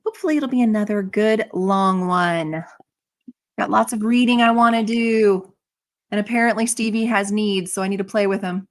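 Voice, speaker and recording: A woman hosting a casual live stream, chatting brightly and reacting to viewer comments. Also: medium pitch, normal speed. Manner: bubbly, reads viewer comments aloud. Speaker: livestream host.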